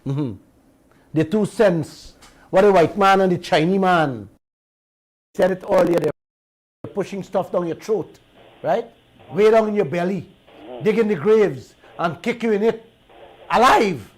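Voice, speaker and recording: A man with a Guyanese accent hosting a radio talk show, telling stories in an animated, indignant way and repeating himself. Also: high voice, unhurried, long pauses, rough recording. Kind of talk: heated talk radio monologue.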